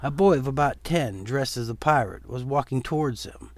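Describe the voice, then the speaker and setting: A man reading a Halloween horror story aloud in a steady, measured storytelling voice. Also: medium pitch, slight background noise. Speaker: narrator. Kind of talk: storytelling narration.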